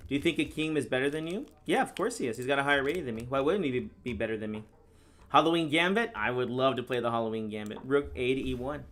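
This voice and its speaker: A man from the United States commenting live on his own chess games, reading viewer questions aloud and answering in a casual, deadpan sarcastic way. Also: mid-range voice, quick pace. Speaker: chess streamer and National Master. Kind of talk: live-stream commentary while playing.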